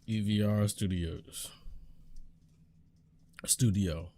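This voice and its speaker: A man hosting a casual reaction video, thinking out loud and guessing and second-guessing as he comments into a desk microphone. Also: lowish voice, fairly even intonation, very slow, a little hiss or hum. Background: faint trailer music.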